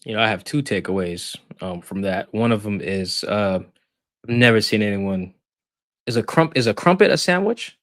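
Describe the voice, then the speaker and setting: A man's voice: fairly low pitch, fairly even intonation, normal speed. A man co-hosting a football show, casual and joking, rambling with fillers. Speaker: co-host. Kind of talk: casual sports chat.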